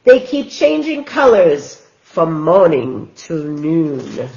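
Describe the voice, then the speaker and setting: A woman reading a picture book aloud to small children in a gentle, sing-song way. She reads slowly, and her pitch rises and falls widely. The recording is slightly dull and lo-fi. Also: big pitch swings, gravelly. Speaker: children's storytime host.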